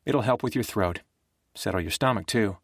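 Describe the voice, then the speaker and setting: A man voicing a gentle middle-aged former professor who speaks softly and calmly in an audiobook. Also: lowish voice, moderate pace, no echo, studio quality. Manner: soft, calm, reassuring.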